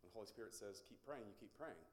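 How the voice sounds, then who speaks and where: A man's voice: lowish voice, racing. Man preaching in an echoey room. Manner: animated storytelling, acts out quotes. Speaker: preacher giving testimony. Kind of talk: sermon testimony.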